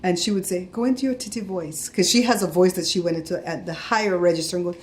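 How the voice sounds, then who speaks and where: A middle-aged woman vlogs casually, telling a story that gets heated while she animatedly acts out the voices of the people in it. Her voice is medium-pitched, and she talks fast with few pauses.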